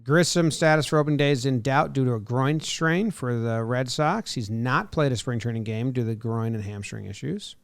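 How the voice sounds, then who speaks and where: A man's voice: mid-range voice, a little fast, gravelly, hardly any pauses, no echo. A man co-hosting a casual sports podcast, reading injury reports aloud and breaking off to joke and comment. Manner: reads news items aloud, then jokes and comments.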